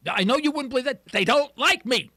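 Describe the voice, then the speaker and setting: A man's voice: very high-pitched, animated, brisk, sharp tone, no room sound, studio quality. A man hosting a call-in talk radio show, ranting and joking with sound effects.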